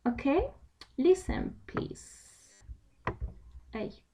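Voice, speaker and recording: A woman's voice: high voice, sing-song, extremely slow, noisy background. A woman teaching an online English class from home, explaining a textbook and switching into Spanish now and then. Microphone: home computer mic.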